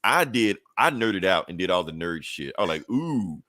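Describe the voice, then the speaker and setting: Man, podcast host, casual chat, lively swooping pitch, dry close sound. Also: moderate pace, dry recording. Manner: animated, profane, laughs often, jumps to high pitch when worked up.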